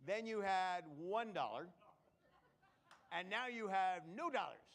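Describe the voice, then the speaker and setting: A man's voice: sits high, expressive, measured pace. A man performing a live comedy magic show, joking with volunteers from the audience between tricks.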